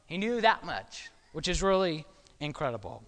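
A man with a slightly high, sing-song, fairly bright voice preaches a sermon at normal speed, with a long reverb tail. He speaks conversationally and often checks in with listeners by asking "okay?"

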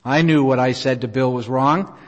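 Preacher with earnest storytelling in a reverberant hall. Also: male voice, medium pitch, highs cut off. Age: middle-aged. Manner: earnest, unhurried storytelling with many pauses. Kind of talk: sermon with personal story. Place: church auditorium.

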